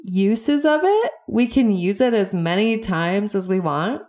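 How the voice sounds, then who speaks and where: A woman's voice: medium pitch, lively intonation, a little slow, darkish tone, lightly acted. A woman doing her earnest, puzzled aunt. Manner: dead serious, naive questions.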